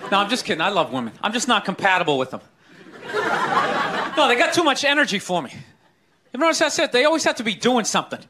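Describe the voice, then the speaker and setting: A man's voice: high-pitched, big pitch swings, fast talker, long pauses, heavy background noise. A young man doing a stand-up comedy routine on a club stage, talking casually and profanely and throwing rhetorical questions at the audience. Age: young adult.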